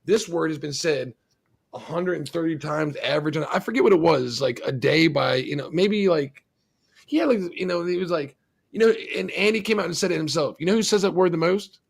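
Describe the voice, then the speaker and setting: Gravelly, husky-voiced man hosting. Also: a little high, brisk. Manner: crude, joking, laughs often. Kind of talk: casual chat.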